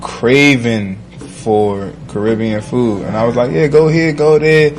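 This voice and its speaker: A man's voice: mid-range voice, a little slow, crowd noise. A man joking and swearing freely in loose, casual banter as a co-host. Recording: loud background noise.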